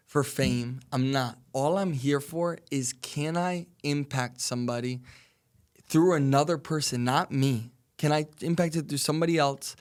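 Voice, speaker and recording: A young man in his twenties speaks as a podcast guest in casual conversation. His voice sits in a middle pitch, and he talks earnestly, stacking repeated phrases for emphasis. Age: 20s. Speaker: podcast guest, college soccer player.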